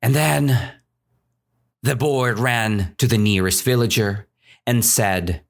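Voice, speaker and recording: Speaking slowly in a gravelly, mid-range voice, a Russian man with a Russian accent tells a story as an English lesson. He stays animated and checks in with "right?" after nearly every phrase.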